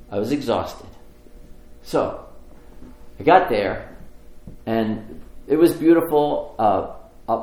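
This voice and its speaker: A man telling a personal story in a sermon with lively, rising storytelling, then leading a slow prayer. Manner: animated storytelling, climbing high in pitch when excited. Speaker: pastor. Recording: echoey room.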